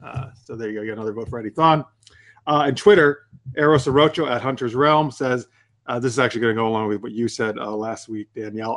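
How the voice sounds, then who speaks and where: Male podcast host, mid-pitched, loose and chatty, casual cursing. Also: racing. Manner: loose and chatty, swears freely.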